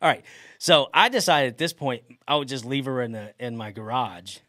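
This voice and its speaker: A man's voice: mid-range voice, expressive, moderate pace, bright, forceful tone, no room sound, clean studio sound. A middle-aged man hosting a podcast, telling a story in a casual way and often laughing mid-sentence. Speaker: podcast host.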